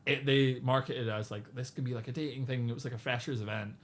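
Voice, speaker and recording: A man's voice: mid-range voice, steady tone, quick pace. A man, a podcast guest, chatting casually and acting out little bar exchanges in quotes. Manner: chatty, lots of "like" and "you know". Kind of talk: casual chat.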